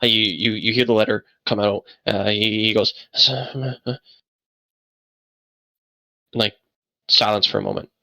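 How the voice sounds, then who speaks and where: Male game master, gravelly bright voice, dry close mic, halting narration. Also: on the low side, little pitch movement, no room sound, low-quality recording. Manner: halting, full of fillers.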